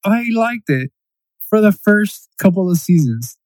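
A man with a slightly high but mellow voice, chatting casually in an animated, profane rant. He breaks into raised-voice mimicry of quotes. The sound is dry and close. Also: unhurried, no echo, poor audio. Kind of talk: casual chat.

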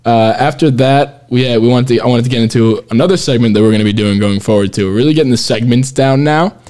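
A man's voice: mid-range voice, quick pace, darkish tone. A man hosting a casual podcast chat, rambling and restarting his sentences, laughing often as he runs the segments. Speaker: podcast host.

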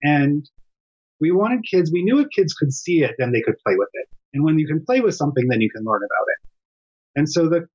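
A man's voice: on the high side, a little mellow, husky, lo-fi sound. A middle-aged man, a developmental psychologist, explaining his work earnestly as a guest in a remote interview from home. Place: home during lockdown.

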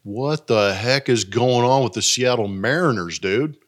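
A man with a medium-pitched voice co-hosts a sports podcast. He talks in a chatty, excited, casual way. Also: a little slow. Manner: excited, chatty, laughs easily.

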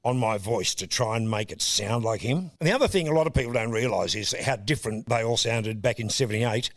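An Australian man in his sixties telling stories as a guest, animated and often laughing. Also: mid-range voice, fairly quick. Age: 60s. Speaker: guest, comedian. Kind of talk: casual storytelling interview.

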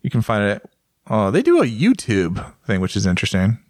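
A man's voice: on the low side, huge pitch swings, a little fast, a little mellow, no room sound, clean studio sound. An American man co-hosting a podcast in a casual chat, rambling and joking as he tells stories. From United States. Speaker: podcast co-host.

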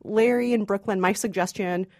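A woman's voice: medium pitch, steady tone, normal speed, darkish tone, no room sound, clean studio sound. A woman co-hosting a movie podcast, bantering casually and laughing often. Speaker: podcast co-host.

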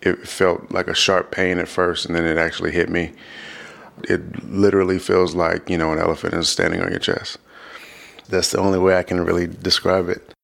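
Deep, gravelly-voiced man. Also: flat delivery, normal speed, a bit bright.

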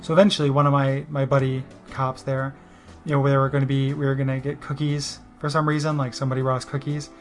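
Guy rambling thru a story about himself, lots of you knows, mid pitch, soft guitar music behind. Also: little pitch movement, fast. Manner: rambling, self-deprecating, heavy on "you know". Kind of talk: casual spoken monologue.

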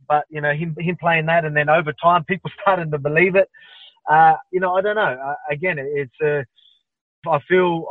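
An Australian man in his thirties talks in a pumped-up, restless rush, circling back with fillers and repeats. His voice sits a touch high. It comes through a thin, phone-like video call line with no room sound. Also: no echo. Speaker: interview guest, fighter. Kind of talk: remote interview answers. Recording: tinny phone-like line, dry.

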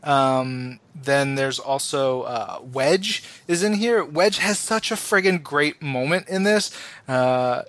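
A man's voice: medium pitch, slow pace, fairly bright tone, no room sound. A man co-hosting a podcast in casual chat, enthusiastic and rambling with many fillers. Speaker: podcast co-host.

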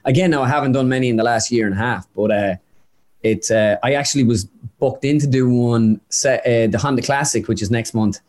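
A man's voice: mid-range voice, a little mellow. Chatty young man telling stories. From Ireland. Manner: chatty anecdotal storyteller, quick with asides. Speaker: guest, impressionist. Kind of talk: casual interview chat.

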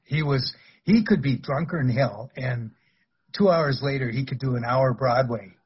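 Husky older man telling stories. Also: mid-range voice, moderate pace, lo-fi sound. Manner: rambling, anecdotal, laughs through stories. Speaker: guest, former wrestler. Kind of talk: casual storytelling interview.

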